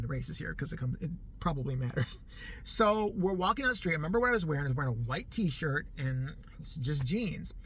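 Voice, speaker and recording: A middle-aged man spins a casual yarn for his viewers, his voice ringing bright and forceful. He swears freely and keeps breaking into laughter as he talks. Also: fairly high pitch, a little hiss or hum. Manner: animated, profane, laughs often while telling. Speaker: vlogger. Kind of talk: casual storytelling.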